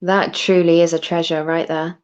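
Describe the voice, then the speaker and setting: A woman's voice: fairly low pitch, level tone, normal speed, smooth. A woman in her thirties from Britain hosts a live stream in loose, casual chat. She is chatty, laughs often and keeps restarting her sentences. The audio is a little dull and lo-fi. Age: 30s.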